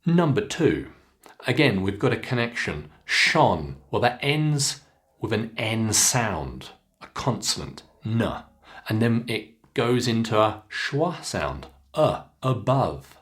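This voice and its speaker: A man with a British English accent teaching pronunciation, saying single words slowly and clearly for learners to repeat. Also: on the low side, big pitch swings, a bit bright. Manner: slow, clearly enunciated drilling of single words. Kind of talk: follow-along pronunciation lesson.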